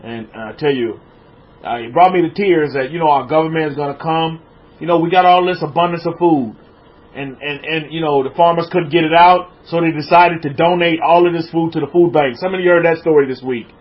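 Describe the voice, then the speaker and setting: A man's voice: a little high, brisk, highs cut off. An American man preaching casually to a livestream audience, reading out viewers' comments and repeating his words as he builds up his points. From United States. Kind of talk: informal sermon with chat shout-outs.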